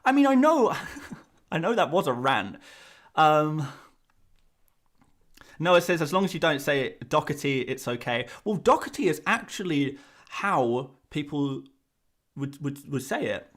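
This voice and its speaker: A man's voice: a little high, animated, measured pace, long pauses, fairly bright tone. Rambling English man on a live stream. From England. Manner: rambling, self-conscious, laughs often. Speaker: fantasy football streamer. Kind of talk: live stream chat with viewers.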